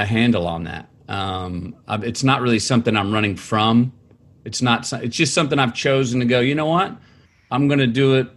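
A man guest telling stories about his family in a halting, searching way, often starting over, then jumping into lively quoted voices. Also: medium pitch. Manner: halting, many restarts, animated quoting of family. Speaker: interview guest, author. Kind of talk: conversational storytelling.

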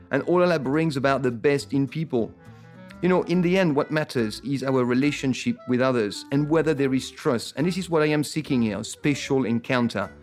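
A man with a French accent hosting a podcast, talking in an enthusiastic, lyrical way. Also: mid-range voice. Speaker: podcast host. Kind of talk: podcast interview and read ad.

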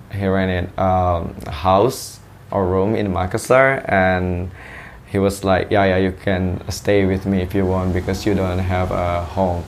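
A man's voice: deep voice, a little hiss or hum. A young man with an Indonesian accent, chatting as a guest and telling stories with lots of fillers and restarts. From Sulawesi, Indonesia. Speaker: guest, English teacher. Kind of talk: casual chat.

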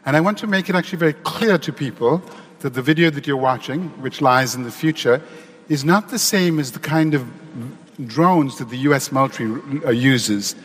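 A fairly high-voiced man gives a talk at a conference, speaking plainly and conversationally to the audience. His voice carries a long echo from the hall he is speaking in. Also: normal speed, fairly bright tone, husky. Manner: conversational and explanatory, addressing a live audience. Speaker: conference panelist.

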